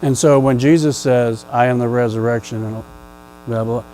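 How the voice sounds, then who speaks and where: A male pastor preaching a sermon in a church, conversational and playful with the congregation, rising to loud emphatic questions. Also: medium pitch, fairly even intonation, normal speed, slight background noise, poor audio. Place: church sanctuary.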